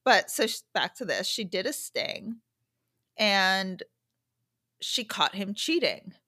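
A woman's voice: medium pitch, lively intonation, slow pace, bright, forceful tone, no room sound. Woman podcaster rambling candidly, dead dry mic, mid voice. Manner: chatty, candid, self-correcting asides. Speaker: podcast host. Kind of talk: casual podcast monologue. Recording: dry close-mic sound.

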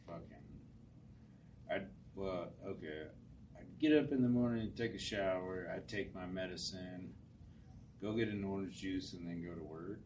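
A man's voice: deep voice, normal speed, darkish tone, recorded from a distance. A middle-aged man co-hosting a podcast, telling rambling, profane anecdotes in casual chat. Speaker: podcast co-host. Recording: noisy, off-mic.

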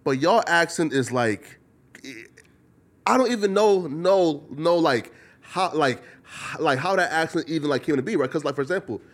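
A man's voice: a little high, animated, normal speed. A man hosting a casual interview, rambling with lots of filler words. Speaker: podcast host.

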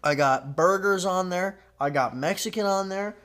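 A man's voice: high-pitched, normal speed, a bit bright. A young man hosting a casual podcast chat, joking, teasing and swearing a lot. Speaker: podcast host.

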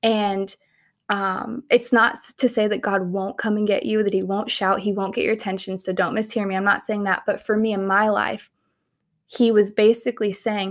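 A woman's voice: medium pitch, little pitch movement, normal speed. A young adult woman hosting a casual faith-based podcast, talking in an earnest, heartfelt and conversational way. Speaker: podcast host.

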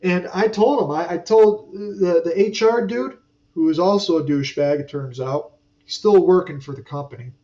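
A man's voice: high voice, normal speed, dark tone. A man hosting a podcast about aircraft maintenance, telling a story in a rambling, profane, casual way full of asides and fillers. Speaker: aircraft mechanic podcast host. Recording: dull sound from a distant mic.

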